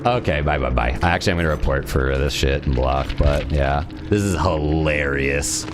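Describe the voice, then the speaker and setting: Brief: a profane, sneering male livestreamer with a low voice. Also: normal speed, background noise. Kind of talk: live game stream rant.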